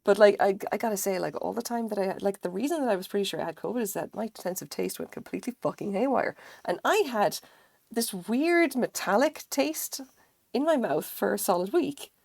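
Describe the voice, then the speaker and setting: A woman's voice: medium pitch, lively intonation, a little fast, creaky, darkish tone, no room sound, studio quality. A woman streaming live, chatting casually with her viewers in a rambling way and swearing freely. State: recovering from illness, sense of taste dulled. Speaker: craft streamer.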